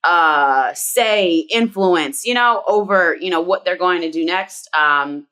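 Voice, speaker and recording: A woman with a Philly accent talks basketball in a chatty, casual way. Her voice is bright and forceful, and her speech is full of fillers and easy laughter. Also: lowish voice, takes it slowly. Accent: Philadelphia. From Philadelphia. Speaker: basketball analyst. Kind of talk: casual sports talk.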